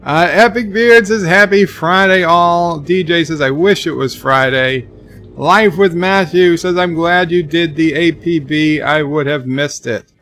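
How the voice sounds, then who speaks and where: A man's voice: on the high side, a little slow, a bit bright. A man streaming a city-building game, reading chat messages aloud and joking along with the viewers. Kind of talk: casual live-stream chat.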